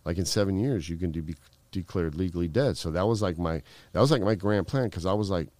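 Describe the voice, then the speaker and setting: Deep-voiced man telling a rambling, profane story. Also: quick pace, darkish tone, no room sound. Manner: rambling, profane, heavy fillers. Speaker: guest. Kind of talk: casual storytelling.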